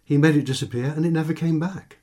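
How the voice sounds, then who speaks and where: A man's voice: a little high, racing, darkish tone. A man reading his own comic short story for radio in a dry, wry first-person narration. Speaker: author and reader.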